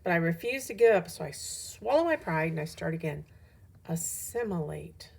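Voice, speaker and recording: A woman teacher reads a novel aloud to her class in a steady storytelling voice. Her tone is gravelly and husky, with a breathy edge. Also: lowish voice, fairly quick, rough recording.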